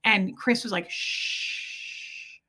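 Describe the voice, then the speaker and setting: Bright-voiced woman telling a raw story. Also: on the high side, unhurried. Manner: rambling, candid, emotional, swears freely. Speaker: podcast host. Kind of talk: personal storytelling monologue.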